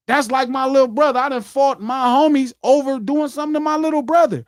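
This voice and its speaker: A man hosting a podcast, telling a personal story in casual chat, animated and repetitive, acting out what people said. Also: extremely high pitch, a little fast, few pauses, no echo, studio quality. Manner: animated, repeats himself, acts out quotes. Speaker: podcast host.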